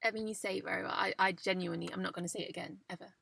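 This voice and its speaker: A woman's voice: mid-range voice, steady tone, very fast, vocal fry, crowd noise. A young woman co-hosting a casual chat, candid and self-mocking, often amused. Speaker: podcast co-host. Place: parked car.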